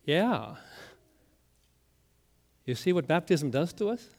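A middle-aged pastor with a fairly high voice delivers a story-driven sermon. He lets key words fall soft and quiet for weight, then lifts again. The delivery is steady and personal. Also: takes it slowly, gravelly. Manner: storytelling preacher, drops to a hushed voice on key words.

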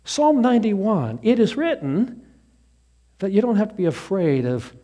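Pastor putting on a sly flattering devil, higher-pitched, coaxing. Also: male voice, a little slow, full character voice. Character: smooth-talking male devil tempter.

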